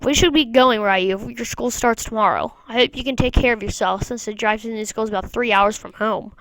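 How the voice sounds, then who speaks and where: A woman voicing a worried, guilt-ridden mother in a game, speaking gently and anxiously. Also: fairly high pitch, brisk, no echo, low-quality recording. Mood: gentle.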